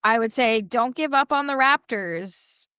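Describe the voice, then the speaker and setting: A woman's voice: on the high side, a little slow, clean tone, no echo. Chatty woman, dry close sound. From Toronto, Canada. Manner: chatty, animated storyteller. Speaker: podcast guest. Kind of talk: casual chat.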